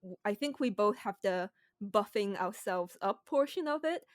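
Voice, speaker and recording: Measured young woman chatting. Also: mid-range voice, animated, no room sound, clean studio sound. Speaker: podcast co-host. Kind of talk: casual chat.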